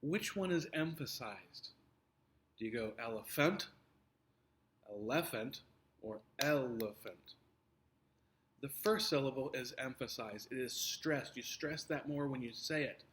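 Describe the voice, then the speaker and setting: A man's voice: medium pitch, lively intonation, moderate pace, fairly bright tone, a little hiss or hum. A man teacher walking his students through an upcoming test, explaining patiently with many fillers and restarts. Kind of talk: recorded test review for students.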